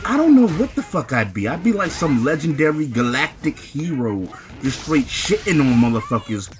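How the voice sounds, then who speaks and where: A man giving live fighting-game commentary, boasting and trash-talking the opponent with heavy profanity, often shouting. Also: on the high side, very animated, normal speed, faint music behind. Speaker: gameplay commentator.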